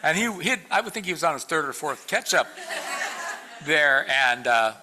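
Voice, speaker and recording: A man's voice: a little high, sing-song, normal speed, crowd noise, background noise. A man giving a casual, rambling talk to a spiritual community, full of fillers and restarts and often laughing. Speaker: guest speaker at a spiritual community.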